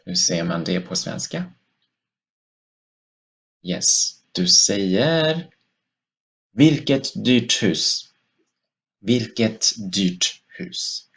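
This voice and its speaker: A man's voice: fairly low pitch, big pitch swings, extremely slow, creaky, long pauses, a bit bright. A man teaching a language lesson, explaining step by step and repeating each example sentence twice.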